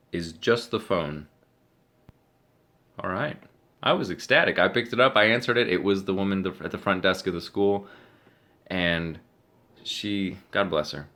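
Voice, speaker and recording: A man's voice: deep voice, pushed and bright. A young man vlogging, casually retelling a story and acting out what other people said.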